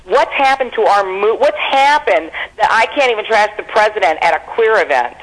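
A woman's voice: medium pitch, moderate pace, rough recording. Brash, profane woman comedian. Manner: brash, profane, animated storytelling. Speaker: comedian guest. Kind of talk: casual interview.

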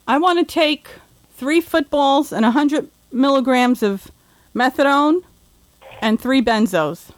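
A woman with a high, bright pitch hosts a casual comedy talk show. She talks with dry, close sound and lands sarcastic jokes in quick asides. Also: no room sound.

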